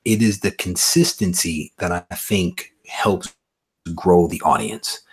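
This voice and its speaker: A man with a low, husky voice talks on a live comics stream. He mixes teasing jokes with earnest talk about staying consistent and drawing inspiration from others. His delivery is casual and conversational. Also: slow. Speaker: guest YouTuber.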